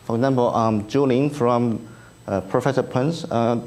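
A man with a Chinese accent, whose first language is Chinese, giving a conference talk with slides in a halting way, full of ums and uhs and light self-deprecating humor. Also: mid-range voice, darkish tone. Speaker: speaker at an engineering research review. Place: conference room.

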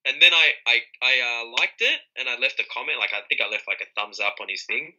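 Lebhaft erzählender Mann mit heller Stimme. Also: male voice, fast, slight background noise, poor audio. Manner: animated, acts out his own reactions with sudden high-pitched exclamations. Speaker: rapper, interview guest. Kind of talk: casual interview storytelling.

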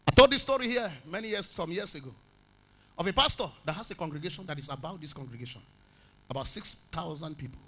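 A male pastor preaching a dramatic sermon, swinging from shouted peaks down to quiet storytelling. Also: fairly high pitch, lively intonation, fast, breathy edge, rough recording.

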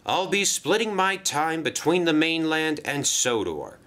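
Give me a man playing a grand, proud storybook express engine. His delivery is dignified and swings lively up and down. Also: on the high side, unhurried, voice pushed up, full character voice.

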